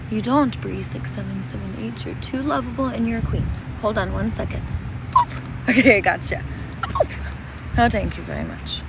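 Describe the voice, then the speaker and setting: A woman chatting on a casual livestream outdoors, reading chat in a playful, doting, sing-song way. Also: fairly high pitch. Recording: noisy outdoor street recording. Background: traffic noise.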